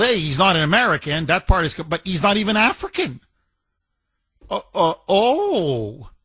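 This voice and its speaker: A man hosts a talk radio show in a high, bright voice. He rants in an emphatic, indignant tone, repeating phrases and tripping over words. The studio sound is dry, with no room echo. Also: breathy edge. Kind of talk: opinionated talk radio monologue.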